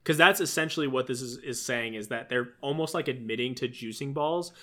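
A man's voice: mid-range voice, a little fast, bright, forceful tone. A man co-hosting a casual sports podcast, rambling with many restarts. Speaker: podcast co-host.

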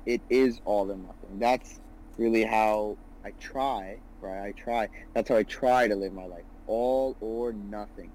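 A man's voice: fairly low pitch, a little slow, a little mellow, a little hiss or hum, rough recording. A man in his twenties talking as a guest about his business, earnest and rambling, with lots of "you know" and "right". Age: 20s. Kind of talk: casual podcast conversation.

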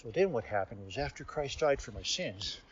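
Brief: a man doing a naive plush beast telling rambling stories, slow sing-song delivery, windy lo-fi outdoor sound. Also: medium pitch, lively intonation, pitched below the performer's own voice, close to an everyday voice. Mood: hushed. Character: childlike male stuffed beast storyteller, earnest and naive. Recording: lo-fi, wind noise outdoors.

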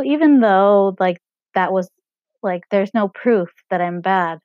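A young woman talking on her own podcast in a casual, rambling way, full of "um" and "like", her throat hoarse and scratchy. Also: medium pitch, normal speed, a little mellow, no room sound. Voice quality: husky. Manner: meandering, lots of fillers like "um" and "like". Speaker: podcast host. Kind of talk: casual solo podcast talk. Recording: dry, muffled home recording.

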